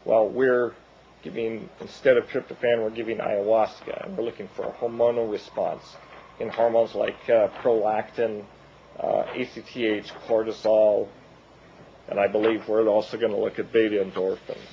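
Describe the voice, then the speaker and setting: A man losing his voice, giving an academic lecture in a halting way with many fillers and restarts. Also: lowish voice, flat delivery, highs cut off, a little hiss or hum.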